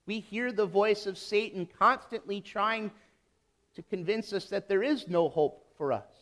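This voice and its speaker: A man preaching a sermon as pastor, emphatic and deliberate, building on repeated phrases. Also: sits high, fairly bright tone.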